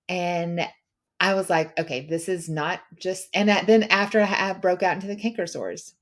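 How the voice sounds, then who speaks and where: A middle-aged woman hosting a podcast, telling a personal story in a chatty, animated way with lots of filler words. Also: lowish voice, normal speed. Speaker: podcast host; mother of daughters. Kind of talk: casual storytelling chat.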